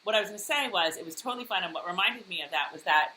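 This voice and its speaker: A woman's voice: fairly low pitch, expressive, very fast, pushed and bright, a little hiss or hum, low-quality recording. A woman co-hosting a podcast over a video call, chatting casually with giggles and lots of fillers. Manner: giggly, rambling with many fillers. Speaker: podcast co-host. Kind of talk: casual chat.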